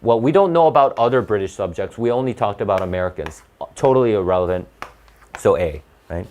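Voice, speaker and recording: A man's voice: fairly low pitch, lively intonation, a little fast, darkish tone. A man working through reading test questions aloud as a tutor, in a casual, self-correcting way that keeps checking with "right?". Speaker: SAT tutor. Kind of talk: thinking-aloud test walkthrough.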